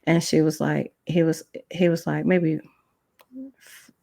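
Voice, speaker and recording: Woman host, gravelly, dry close sound, animated storyteller with chatty asides. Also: low-pitched, a little slow, no echo. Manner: animated, acts out quoted dialogue; casual, chatty asides to viewers. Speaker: podcast host. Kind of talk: personal storytime testimony.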